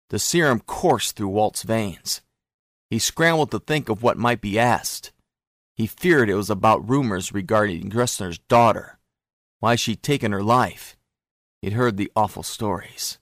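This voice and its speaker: A man narrating a thriller story in a steady, even storytelling manner. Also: fairly low pitch, measured pace, no room sound, clean studio sound. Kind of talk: audiobook narration.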